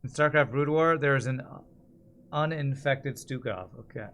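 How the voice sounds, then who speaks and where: A man's voice: mid-range voice, moderate pace, a bit bright. A man streaming a strategy game, chatting casually and answering viewers' comments while he plays. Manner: chatty, reads and answers chat while playing.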